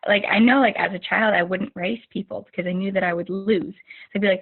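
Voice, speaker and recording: A woman's voice: mid-range voice, steady tone, fairly quick, creaky, husky. A young woman giving an informal motivational talk over a video call, rambling, with many fillers and restarts. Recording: narrow phone-like video call audio.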